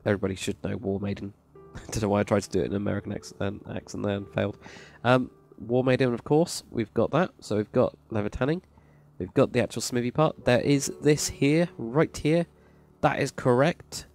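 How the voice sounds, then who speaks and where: A man whose low, gravelly, darkish voice holds a steady tone talks a little fast while touring a game build. As a Minecraft server plot reviewer, he rambles with casual enthusiasm and praises generously. There's faint music in the background.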